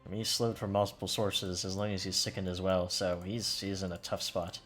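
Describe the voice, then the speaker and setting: A man with a somewhat low voice runs a tabletop game as game master. He narrates combat and rulings casually and hunts for words as he goes. Faint music plays underneath. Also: flat delivery, a little fast, fairly bright tone. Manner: loose and searching for words, with many fillers. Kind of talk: running a tabletop game, describing rules and combat.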